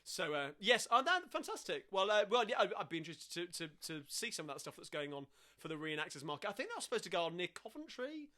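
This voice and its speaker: A man's voice: sits high, big pitch swings, fast talker, sharp tone. A man hosting a live-streamed sing-along from home, chatting between songs and reading out viewer messages, with lots of fillers and restarts. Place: at home during lockdown.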